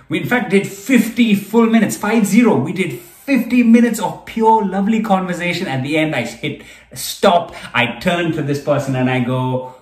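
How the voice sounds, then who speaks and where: A man's voice: sits high, lively intonation, normal speed, echoey room. A man in his thirties who grew up in Kuwait, hosting his own podcast in a chatty, self-deprecating way. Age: 30s. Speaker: podcast host. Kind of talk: casual solo podcast talk.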